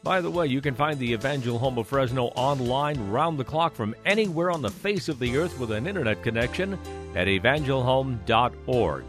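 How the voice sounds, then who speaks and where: A man reading a scripted radio sign-off announcement in a smooth, promotional manner. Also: medium pitch, expressive, moderate pace. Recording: announcement over music.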